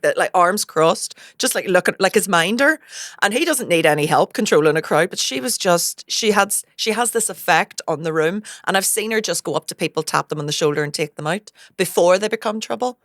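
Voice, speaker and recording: A woman hosting a podcast, chatting casually with quick asides and frequent laughter. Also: fairly low pitch, no echo, clean studio sound. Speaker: podcast host and stand-up comedian. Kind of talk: casual chat.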